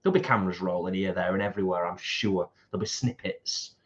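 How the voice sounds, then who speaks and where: A man's voice: deep voice, fast talker, lo-fi sound. A British man co-hosting a live stream, chatting casually, reading out viewer comments and laughing easily.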